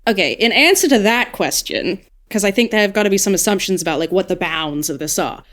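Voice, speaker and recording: An Australian woman, an audiobook narrator and dialect coach, chatting casually on a podcast with lively asides and quick self-corrections. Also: mid-range voice.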